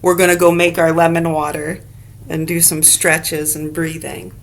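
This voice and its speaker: A woman's voice: deep voice, level tone, moderate pace, slight background noise. A woman vlogging straight to camera in a blunt, profane rant with rambling casual asides.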